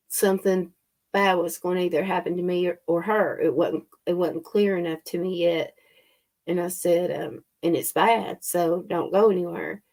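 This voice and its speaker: Lady telling a story slow, lots of ums, lowish voice. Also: vocal fry, a little mellow. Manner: slow, halting, many fillers. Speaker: spiritual channel host. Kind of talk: casual storytelling.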